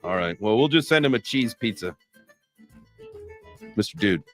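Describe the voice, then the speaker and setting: A man's voice: lowish voice, animated, normal speed. Crypto stream host guy, loose and sweary, faint music under him. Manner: loose, profane, joking. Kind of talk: casual livestream chat.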